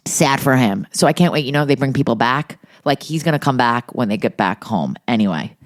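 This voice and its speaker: A middle-aged woman with a strikingly low voice that swings widely in pitch as she tells her stories. She chats casually on a podcast, gossipy and quick to swear. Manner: gossipy, profane, animated storytelling. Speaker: podcast co-host. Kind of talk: casual chat.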